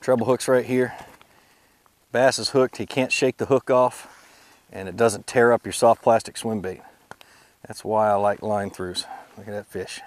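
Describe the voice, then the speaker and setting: A man hosting a fishing video from a boat outdoors, excitable and quick to laugh, talking to the fish as he reels them in. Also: fairly low pitch. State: out of breath.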